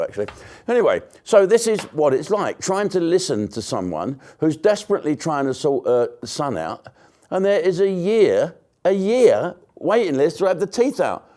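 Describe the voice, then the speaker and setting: A man's voice: mid-range voice, darkish tone. An older man hosting his own show, ranting in a blunt, sweary, mocking comic monologue full of asides and restarts.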